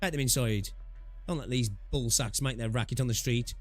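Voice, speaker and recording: A man's voice: medium pitch, brisk, dry recording, faint music behind, lightly acted. A man doing a barking army captain. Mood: commanding. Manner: barking orders. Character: gruff shouting male army captain.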